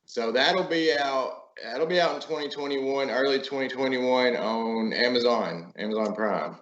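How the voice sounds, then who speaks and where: A man's voice: medium pitch, a little slow, crowd noise. Chatty man in a roomy lo-fi room. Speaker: podcast guest, tour guide. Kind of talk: casual podcast chat. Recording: roomy, dull lo-fi audio.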